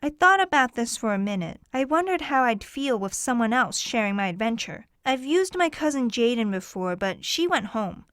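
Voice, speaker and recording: A woman narrating a children's mystery audiobook in the first person, with clear, expressive storytelling. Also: fairly high pitch, normal speed, hardly any pauses, no echo, studio quality.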